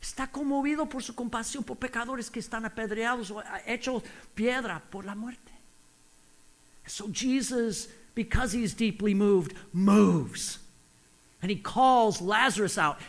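A man's voice: high voice, animated, a little slow, fairly bright tone. A male preacher who tells stories with animation and gives each line first in English and then in Spanish. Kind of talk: sermon with own Spanish interpretation.

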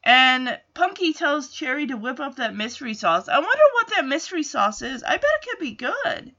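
High bright-voiced chatty woman recapping. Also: very animated, moderate pace, muffled recording. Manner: chatty, quotes characters, frequent "like" and asides. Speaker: episode recap host. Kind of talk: casual episode recap.

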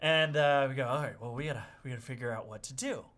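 A middle-aged man tells a long story to friends, jumping between quiet asides and loud acted-out shouts when he quotes people. His voice sounds bright and clear, and the whole telling stays loose and conversational. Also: mid-range voice, fast. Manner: animated, acts out quotes with loud outbursts. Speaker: podcast guest. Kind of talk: casual storytelling.

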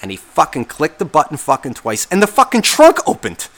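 A man's voice: fairly high pitch, huge pitch swings, a little fast, a bit bright. A man hosting a podcast, telling a story as a casual rant, swearing constantly and sounding exasperated and sarcastic. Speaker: podcast host.

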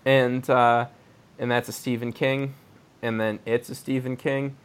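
A man's voice: medium pitch, flat delivery, unhurried, clear, resonant tone. A man hosting a podcast, chatting casually and rambling through a retelling, often laughing. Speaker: podcast host. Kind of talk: casual review chat.

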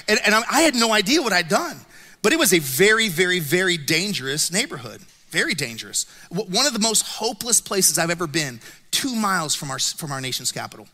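A middle-aged male pastor giving a sermon, telling stories with lively self-mocking humor. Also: high-pitched, a little fast. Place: church auditorium. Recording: long reverb of a church hall.

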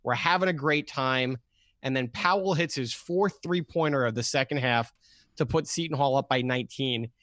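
A man co-hosting a sports podcast, telling animated stories and stumbling over repeated words. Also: medium pitch, moderate pace, dry recording. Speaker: podcast co-host. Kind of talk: casual sports podcast chat.

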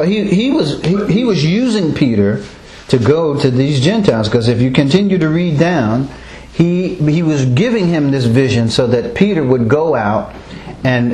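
Animated man teaching a Bible class. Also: mid-range voice. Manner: animated, questioning the group, chuckling often. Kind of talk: teaching a Bible study group. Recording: roomy echo, faint background noise.

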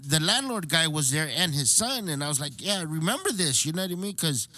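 A slightly high, slightly fast male voice, free of echo, belongs to a man telling a casual, profane story in which he acts out the quotes with animation.

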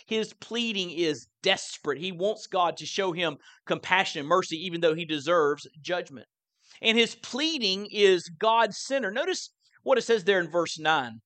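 A male pastor delivering a sermon, earnest and rising in pitch when he quotes scripture. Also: animated, normal speed, pushed and bright. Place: church sanctuary.

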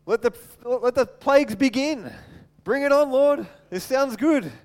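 A man voicing a bold, defiant male Bible leader in a loud, emphatic, triumphant way, with a long hall reverb. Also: extremely high pitch, measured pace, voice pushed up.

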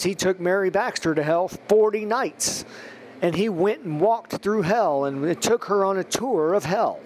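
A man with a slightly raised pitch delivers a preaching podcast monologue. He stresses his points emphatically and moves into prayer, blessing listeners one place after another. A faint hum sits under the recording. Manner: emphatic, rising to stress points, then praying through a list. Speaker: podcast host.

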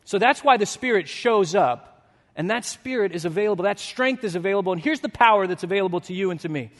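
A pastor in his thirties preaching a sermon. He tells a story with lively energy, then drops to a hushed, earnest tone. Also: sits high, fast talker. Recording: long hall reverb.

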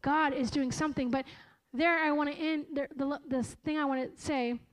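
A woman preacher giving a sermon in an earnest, slow and emphatic way, often correcting herself mid-phrase. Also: sits high, steady tone, rough recording.

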